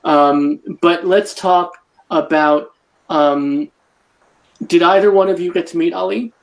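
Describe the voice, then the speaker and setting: A man hosting an interview, prompting his guests in a friendly, unhurried way. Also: on the high side, gravelly, rough recording. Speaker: host. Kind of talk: moderating an interview.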